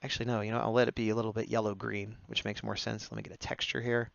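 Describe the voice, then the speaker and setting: Dude streaming his drawing, chatty commentary, kinda gravelly, dry muffled mic. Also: fairly low pitch, level tone, racing, no echo. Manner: chatty running commentary, often laughing at his own jokes. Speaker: livestreaming artist taking drawing requests. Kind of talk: casual livestream chat while drawing.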